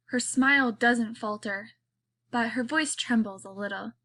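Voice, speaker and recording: A woman narrates an audiobook in a girl's first-person voice, telling the story steadily. Her tone is bright and a little high. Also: fairly even intonation, measured pace.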